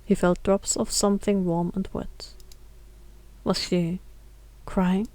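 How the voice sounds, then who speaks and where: A woman's voice: mid-range voice, little pitch movement, slow, a little mellow, dry recording. Woman reading game text. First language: German. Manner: reads steadily, with occasional slips and restarts. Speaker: streamer reading a visual novel.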